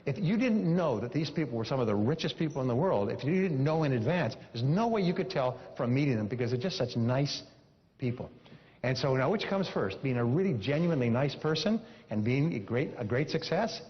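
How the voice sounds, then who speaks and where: A man's voice: medium pitch, lively intonation, fairly quick. A man giving a motivational seminar talk, emphatic, repeating key phrases and coaching his audience. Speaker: seminar speaker. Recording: dull lo-fi sound with long hall reverb.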